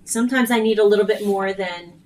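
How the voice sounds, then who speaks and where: A woman's voice: mid-range voice, fast, a little mellow. Woman, Bible study leader, earnest, quotes scripture, distant mic, faint background hiss. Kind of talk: casual group Bible study talk.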